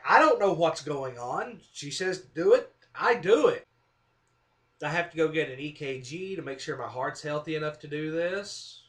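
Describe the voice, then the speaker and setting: A man telling a comic personal story to the camera, self-mocking and acting out what people said. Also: fairly high pitch. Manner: animated, self-mocking, acts out quotes. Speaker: vlogger. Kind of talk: casual storytelling monologue.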